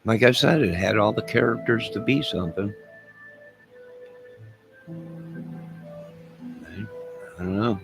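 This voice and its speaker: A man with a very deep, gravelly voice rambles through a casual vlog story, full of asides and chuckles. Soft music plays faintly behind him. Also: lively intonation, takes it slowly, pauses often. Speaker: vlogger.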